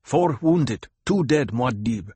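A man's voice: medium pitch, expressive, slow, warm tone, husky, no echo, pitched above the performer's own voice. A man reading an audiobook, voicing a loyal desert warrior lieutenant who reports formally to his leader. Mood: dutiful. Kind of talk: audiobook character voice.

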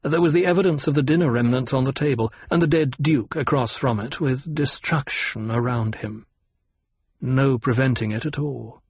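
Male audiobook narrator, measured, husky, dry sound. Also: medium pitch, no echo. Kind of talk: scripted narration.

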